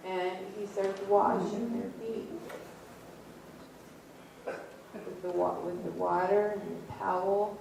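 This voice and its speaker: A woman preaching a sermon, retelling a story slowly with repetition and pointed questions to the congregation. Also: mid-range voice, steady tone, creaky, darkish tone, a little hiss or hum. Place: church. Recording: echoey room, distant mic.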